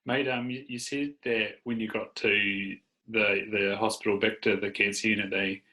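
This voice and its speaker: A male podcast host with a fairly low but bright voice. He asks his guest questions in a relaxed, chatty way, with plenty of filler words. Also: normal speed, poor audio. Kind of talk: casual interview.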